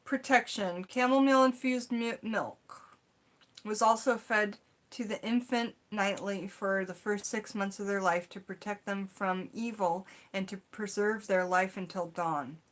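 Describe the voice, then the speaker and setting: A woman's voice: mid-range voice, a little slow. A young woman in casual vlog chat, reading folk magic lore from a book and rambling off into chatty asides. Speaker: witchcraft vlogger.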